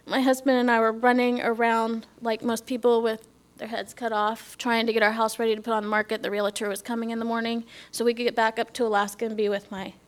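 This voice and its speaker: Woman, middle-aged, slightly high voice; heartfelt church testimony, hushed at times, talks straight to the congregation. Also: little pitch movement, fast talker, few pauses. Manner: earnest, drops to a whisper, asks the audience questions. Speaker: speaker giving a church testimony.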